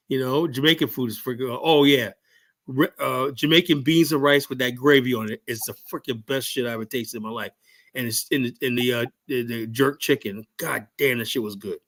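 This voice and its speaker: A man's voice: medium pitch, fairly bright tone. A man from the United States, a podcast guest, talking bluntly and heatedly, swearing freely as he tells stories. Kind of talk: casual podcast debate.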